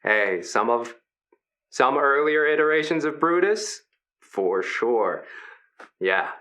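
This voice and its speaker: A man's voice: medium pitch, expressive, takes it slowly, bright, forceful tone. A man voicing Brutus, a kind, rambling fifteen-foot triceratops-like arena fighter who keeps reinventing his act. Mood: earnest. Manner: earnest, rambling, self-reinventing showman.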